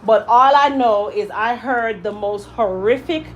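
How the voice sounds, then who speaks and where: In an unhurried way, a hairstylist recounts something from her own life while working in the salon, her voice a little high. She stresses her words and animates the quotes she repeats. The audio has its highs cut off and slight background noise.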